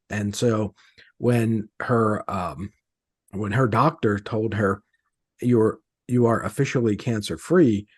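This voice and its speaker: Husky, hesitant middle-aged man. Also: on the low side, darkish tone, no echo, clean studio sound. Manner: hesitant, many fillers and restarts. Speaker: interview guest, author. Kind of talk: conversational interview.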